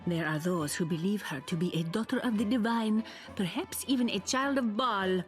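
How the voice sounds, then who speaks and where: A woman's voice: mid-range voice, moderate pace, close to an everyday voice. A woman voicing a stately female wizard in a video game, speaking in archaic formal language with an accent put on. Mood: solemn. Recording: game audio with music behind.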